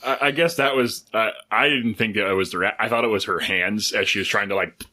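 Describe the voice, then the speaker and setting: Lower, bright-toned male podcaster. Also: brisk. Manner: storytelling, joking recaps. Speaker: podcast co-host. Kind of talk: casual film review chat.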